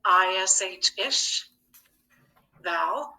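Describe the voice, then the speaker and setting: A woman teaching young children a phonics lesson, patiently asking each question and then giving the answer. Her voice is bright and clear, and she speaks slowly. She sounds a little distant from the mic in an echoey room. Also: mid-range voice, expressive. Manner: slow, patient, asks questions and answers them.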